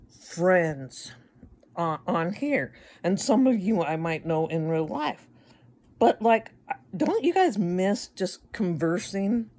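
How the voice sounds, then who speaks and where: A woman's voice: on the low side, darkish tone. A middle-aged woman from the United States chatting casually to her viewers, rambling with stammered restarts and wry asides. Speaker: vlogger. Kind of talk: casual chat to camera.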